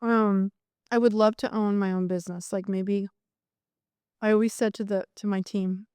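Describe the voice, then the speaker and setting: Smooth-voiced woman, chatty guest. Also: mid-range voice, fairly even intonation, moderate pace, dark tone, no echo, studio quality. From Colombia. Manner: chatty and enthusiastic, gushing. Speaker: immigration attorney, podcast guest. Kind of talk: casual interview chat.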